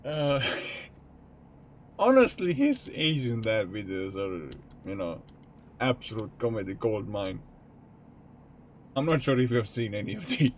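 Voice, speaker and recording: A man's voice: medium pitch, sing-song, a little slow, pauses often, slight background noise. A male streamer chatting casually during a game, often breaking into laughter. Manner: giggly, keeps breaking into laughter.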